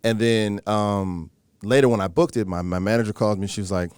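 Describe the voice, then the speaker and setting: A man with a fairly low voice talks quickly and eagerly, acting out the people in his stories as he goes. His sound is close and dry, with no room around it. He stops and restarts a lot, full of ums and repeated words. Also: clear, resonant tone, dry recording. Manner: animated storyteller, acts out quoted exchanges; frequent fillers and restarts. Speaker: actor, interview guest. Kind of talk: casual interview talk.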